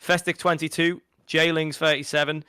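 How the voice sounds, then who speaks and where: A young man with a Scouse accent breaks down an esports football final in eager, rambling bursts, often doubling back on his words. His voice is bright and forceful, with a crisp, clean tone. It is recorded dry and close. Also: a little high, normal speed, no room sound. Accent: Liverpool. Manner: rambling, excitable, restarts often. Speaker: co-commentator. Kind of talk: esports pre-match analysis.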